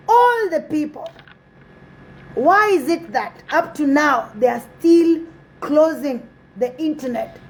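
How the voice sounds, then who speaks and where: A woman from South Sudan gives an impassioned address to her community, pleading and exhorting with repeated phrases. Her voice is high-pitched with a darkish tone, and the recording is rough.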